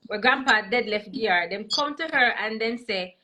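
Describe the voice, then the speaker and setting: A woman's voice: on the high side, normal speed, hardly any pauses, bright, forceful tone, slight background noise, poor audio. A Jamaican woman, a comedian, telling stories in a casual interview over a video call, switching between patois and English. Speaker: comedian guest.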